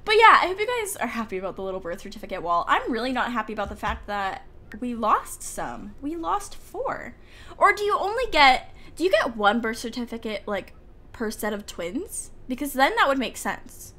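A young woman who makes gaming videos on YouTube chats and giggles through a life-sim game at home, talking to her characters. Her voice runs high, very animated, pushed, and bright, at a normal speed. The window is open, and faint outdoor ambience can be heard.

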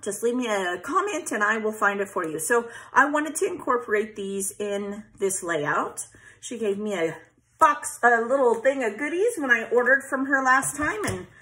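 Woman chatting while she scrapbooks, kinda high voice, rambly and self-deprecating, lots of ums. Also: expressive, moderate pace, a bit bright, low-quality recording. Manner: chatty, self-deprecating, thinks aloud with fillers. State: hiccups. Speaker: scrapbooking vlogger. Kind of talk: casual craft tutorial chat.

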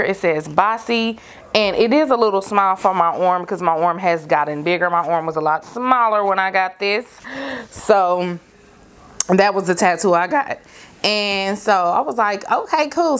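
A middle-aged woman vlogger casually telling a story from her teenage years to her viewers, slangy and animated. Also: mid-range voice, moderate pace, smooth.

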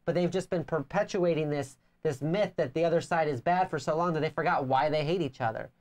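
A woman's voice: sits low, fairly quick. A woman co-hosting a crowdfunding review show, chatting casually and telling stories with lots of laughter. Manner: animated storytelling, laughs often. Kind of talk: casual chat.

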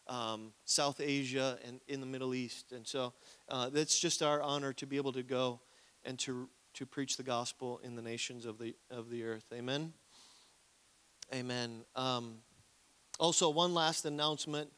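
A man's voice: fairly high pitch, bright, forceful tone, clear, resonant tone. A man from Minnesota, an evangelist preaching a sermon in a conversational way, often calling out for amens. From Minnesota, USA. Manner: conversational preaching with frequent call-outs for amen.

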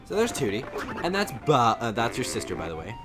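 A man hosting a let's play, commentating in an energetic, rambling, laughing way. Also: medium pitch, a little fast, music in the background. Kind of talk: game commentary.

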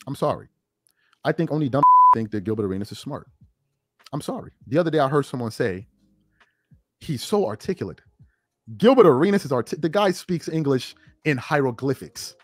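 A man's voice: on the high side, no room sound, studio quality. A man delivering blunt, mocking opinion commentary, trading in joking insults. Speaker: online commentator.

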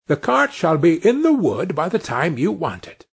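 A man's voice: on the high side, wildly swooping pitch, moderate pace, gravelly, husky, heavily acted. A man voicing a tiny, clever, cheerful boy in a read-aloud fairy tale, speaking eagerly. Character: tiny brave clever boy Tom Thumb.

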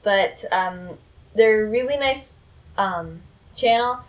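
A woman's voice: mid-range voice, takes it slowly. A woman co-hosting a family vlog, thanking other channels in a friendly, slightly hesitant way with many fillers. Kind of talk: casual chat.

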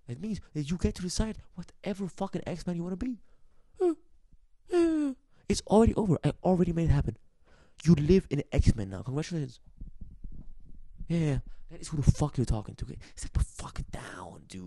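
A man's voice: on the high side, mellow, no room sound. A young man rambling boastfully to his audience, profane and swaggering, breaking into laughs. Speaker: channel owner ranting to camera.

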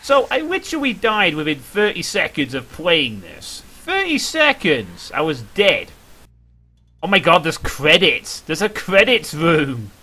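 Excitable man playing a horror game. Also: a little slow. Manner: jokey, wry remarks that break into high-pitched yelps and laughter. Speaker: gaming streamer. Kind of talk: horror game let's play commentary.

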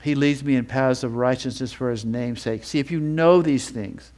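A man teaching a sermon with feeling, building up with repeated phrases and reading scripture in a slower, lower voice. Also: a little mellow. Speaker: Bible teacher.

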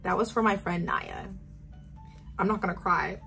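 A woman's voice: fairly low pitch, normal speed, vocal fry, a bit bright, soft background music. An eighteen-year-old woman chatting casually in a get-to-know-me vlog, bubbly and wandering off on tangents. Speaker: vlogger.

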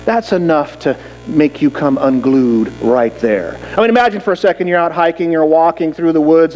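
A man preaching a sermon as pastor, lively and dramatic, acting out quoted voices and asking rhetorical questions. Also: fairly high pitch, a little hiss or hum, rough recording.

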